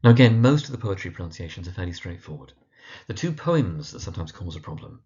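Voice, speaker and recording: Male teacher with a low voice for a pronunciation lesson, careful and deliberate, dull lo-fi sound. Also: big pitch swings, darkish tone. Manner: careful, repeats each name slowly and deliberately. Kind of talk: instructional pronunciation guide.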